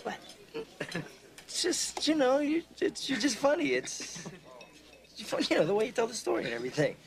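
A man's voice: very high-pitched, very animated, brisk, full character voice. An actor playing a nervous, laughing mobster friend in a film scene, who stammers as he talks. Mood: amused.

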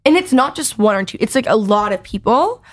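A woman in her twenties from Texas with a Valley Girl accent, hosting a podcast in loud, chatty casual talk full of "like". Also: a little high, brisk. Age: 20s. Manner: chatty, says like a lot, lively. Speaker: podcast host. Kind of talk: casual chat.

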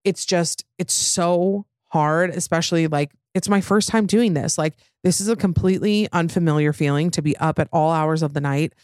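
A woman's voice: lowish voice, a little mellow, no echo, clean studio sound. Candid young woman chatting, lots of fillers. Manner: rambling, filler-heavy, frank with swearing. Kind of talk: casual candid chat.

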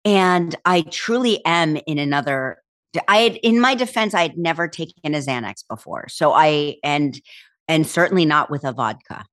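A woman's voice: low voice, normal speed. A woman talks casually as an interview guest. She tells her stories with energy, acting out voices and laughing often. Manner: animated storyteller, acts out voices, laughs often. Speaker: talk show host and author, guest.

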